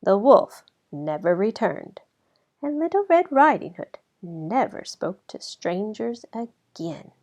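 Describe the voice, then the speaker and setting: A woman reading a children's storybook aloud as narrator, in an expressive way that slows down for effect. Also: medium pitch. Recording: slightly dull lo-fi recording.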